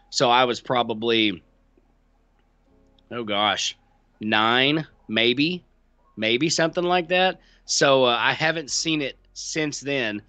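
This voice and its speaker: A man co-hosting a casual chat, easygoing and hesitant, who pauses on fillers and throws in dry quips. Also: medium pitch, sharp tone, no room sound. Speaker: podcast co-host.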